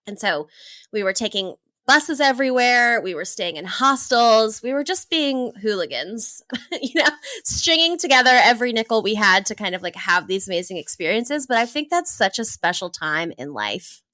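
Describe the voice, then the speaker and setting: A woman from Hawaii, in her thirties, telling travel stories in a casual interview, lively and laughing often. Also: a little high, normal speed, dry recording. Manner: animated, laughs often, acts out her own past thoughts. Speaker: travel entrepreneur guest.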